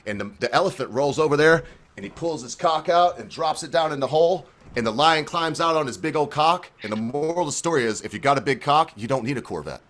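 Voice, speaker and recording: A man hosting a casual joke-swapping chat, loud and profane and often laughing. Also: fairly high pitch, expressive, quick pace, a little hiss or hum. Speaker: host.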